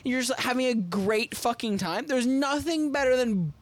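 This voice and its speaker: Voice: mid-range voice, moderate pace, no room sound. A young adult co-hosting a casual podcast, playful and teasing, swearing casually. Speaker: podcast co-host.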